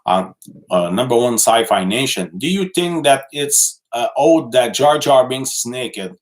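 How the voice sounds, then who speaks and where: A man from Quebec City, a native French speaker, who speaks English with a Quebec French accent. He chats casually on a livestream, answering viewer comments in halting speech full of fillers and restarts. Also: mid-range voice, expressive. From Quebec City, Canada. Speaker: livestream host and journalist.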